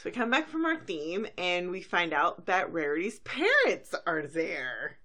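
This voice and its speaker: A woman's voice: on the low side, wildly swooping pitch, measured pace, pushed and bright. A woman in her thirties, a podcast co-host, chatting casually as she recaps an episode and acts out lines.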